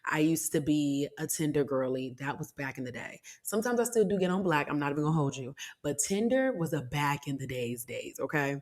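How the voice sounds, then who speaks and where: Young woman, low voice, solo podcast host, chatty and sassy. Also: brisk, hardly any pauses. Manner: chatty, animated, with sassy asides to listeners.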